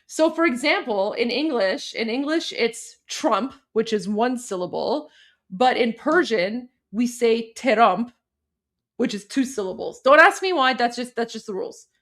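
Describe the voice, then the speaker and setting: A woman's voice: fairly high pitch, animated, moderate pace, fairly bright tone. A woman from Iran giving casual political commentary, chatty and reacting to clips and comments.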